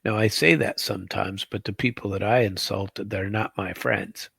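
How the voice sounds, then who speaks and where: A man's voice: fairly low pitch, fairly even intonation, normal speed, creaky, a bit bright, husky, no room sound, studio quality. A middle-aged man hosting a show, rambling through casual political commentary full of restarts and asides. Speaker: show host.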